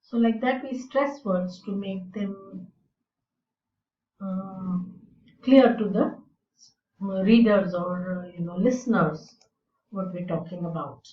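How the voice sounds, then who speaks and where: A woman teaching English in a slow, deliberate lecture, explaining with fillers. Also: mid-range voice. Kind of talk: recorded lecture. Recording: roomy and distant, dull sound.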